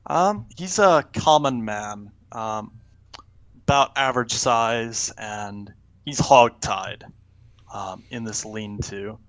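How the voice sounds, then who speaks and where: Bright-voiced male game master. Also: lowish voice, slow. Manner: relaxed, many fillers. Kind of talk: narrating a tabletop game.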